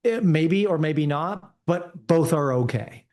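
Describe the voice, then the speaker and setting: A man's voice: a little high, expressive, slow, darkish tone. A man talking as a podcast guest, easygoing and encouraging in a casual conversation.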